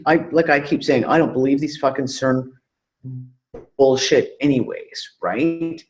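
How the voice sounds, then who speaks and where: A man's voice: medium pitch, unhurried, faint music behind. A man co-hosting a live online talk show, casual and loose, trailing off mid-thought and swearing freely. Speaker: podcast co-host. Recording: dull lo-fi call audio.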